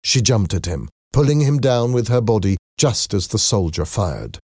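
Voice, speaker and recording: A man narrating a story in a slow, expressive reading style. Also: on the low side, no echo, studio quality.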